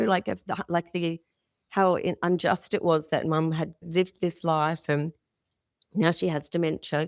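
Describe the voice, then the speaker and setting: A woman's voice: fairly low pitch, dry recording, studio quality. Candid Australian woman telling her story. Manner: candid, rambling, restarts mid-sentence. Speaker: guest. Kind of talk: emotional personal storytelling.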